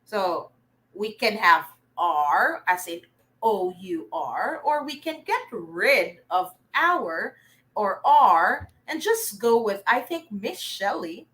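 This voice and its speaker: A young Filipino woman teaching a live online reading lesson, warmly praising her viewers as they answer. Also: mid-range voice, takes it slowly. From Philippines. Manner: encouraging, lively, praising viewers often.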